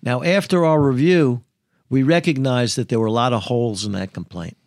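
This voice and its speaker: Halting male attorney telling a story. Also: medium pitch, a little mellow, dry recording, studio quality. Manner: halting, many filler sounds and restarts. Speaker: attorney and interview guest. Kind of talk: storytelling in a podcast interview.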